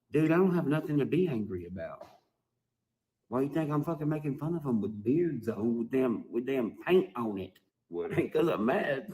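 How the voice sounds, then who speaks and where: A man's voice: mid-range voice, animated, moderate pace, warm tone. A man talking straight to his fans in a profane rant, mocking and emphatic. His voice sits in the middle range. The room around him is echoey. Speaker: musician addressing his fans.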